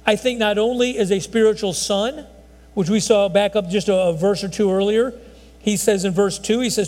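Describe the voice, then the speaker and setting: A man's voice: high-pitched, moderate pace, darkish tone. A man preaching a conversational sermon in a folksy, rambling way, often restarting his sentences. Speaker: pastor. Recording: long hall reverb.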